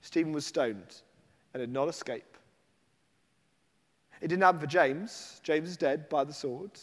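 A man's voice: fairly high pitch, measured pace, big-room sound. A man preaching a sermon, telling the story animatedly and slipping into acted voices.

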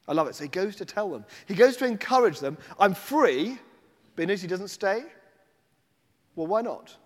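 A man's voice: high-pitched, lively intonation, brisk, long reverb tail. A man preaching a sermon, telling the story animatedly and slipping into acted voices.

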